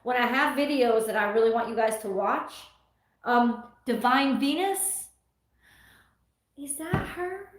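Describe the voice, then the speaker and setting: A woman's voice: fairly high pitch, unhurried, pauses often. A middle-aged woman hosting a tarot livestream, chatting casually and reading viewer comments aloud with frequent laughs. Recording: echoey room.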